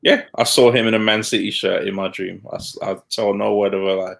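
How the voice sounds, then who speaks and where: A man's voice: on the low side, fairly even intonation, a little fast, vocal fry, fairly bright tone. A man co-hosting a casual football podcast, speaking bluntly and laughing at his own points. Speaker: podcast co-host.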